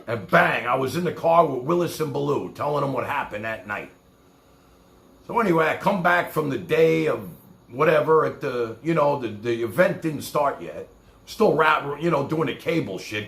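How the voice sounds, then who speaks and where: Animated man with a New York accent. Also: medium pitch, vocal fry, echoey room. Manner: profane, rambling anecdotal. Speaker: streamer. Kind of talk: casual storytelling.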